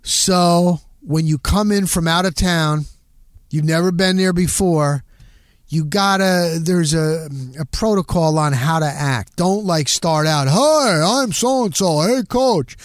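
A middle-aged man hosting a podcast, telling a story in a casual, animated way and punching it up with quick sound words. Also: on the high side, no room sound, clean studio sound. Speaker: podcast host.

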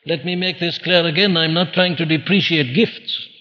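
A man's voice: fairly high pitch, steady tone, moderate pace, in a large hall, dull audio. A man preaching a sermon earnestly, posing questions and answering them himself. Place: church.

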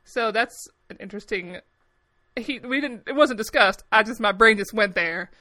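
A young woman co-hosting a podcast in casual chat, her voice pitched a little high and bright. She rambles animatedly through stories and swears freely. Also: normal speed. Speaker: podcast co-host.

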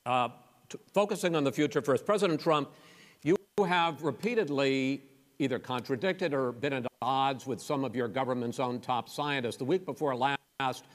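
Male moderator, measured, persistent, mid-pitched, long hall echo. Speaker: debate moderator. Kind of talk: televised debate moderation. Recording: long reverb of a large hall.

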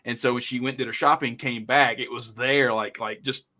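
A man's voice: mid-range voice, steady tone, moderate pace, bright, forceful tone. A man co-hosting a podcast, telling rambling stories in casual chat with lots of fillers. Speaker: podcast co-host.

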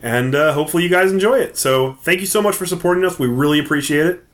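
A man hosting a podcast in casual chat, upbeat and quick to laugh. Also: fairly high pitch. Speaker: podcast host.

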